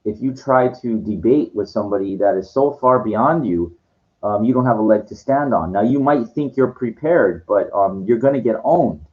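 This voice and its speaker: Man, lowish voice, lecturing rant, dull lo-fi recording, lots of restarts. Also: expressive, normal speed. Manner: condescending, lecturing, stumbling restarts. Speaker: vlogger answering viewer comments. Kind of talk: ranting monologue to camera. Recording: dull lo-fi sound.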